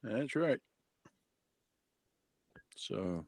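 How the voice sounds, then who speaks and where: A man's voice: low-pitched, very animated, very slow, husky, no room sound, clean studio sound. A man playing a tabletop game, joking breezily in and out of character. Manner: jokey, breezy in-character banter. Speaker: player.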